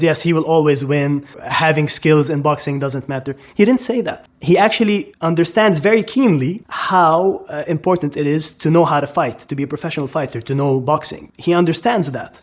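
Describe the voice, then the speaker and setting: A man explaining an idea emphatically, asking rhetorical questions and repeating key words for stress. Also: fairly high pitch. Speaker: educator. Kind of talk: explanatory commentary.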